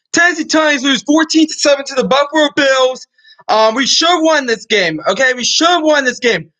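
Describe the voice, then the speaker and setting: A young man with a very high, bright, piercing voice vents on his sports channel. He rants in fury, swears freely and hammers the same complaints again and again. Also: fairly quick, low-quality recording. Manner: furious, ranting, swearing, repeats himself. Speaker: sports vlogger. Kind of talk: angry sports rant.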